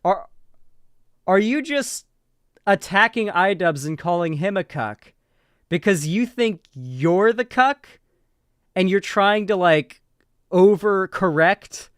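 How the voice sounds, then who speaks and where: A man's voice: high-pitched, lively intonation, slow pace, long pauses, clean tone, no echo, clean studio sound. Sarcastic man ranting commentary. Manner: sarcastic, rambling, swears. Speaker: political commentary streamer. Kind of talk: casual commentary.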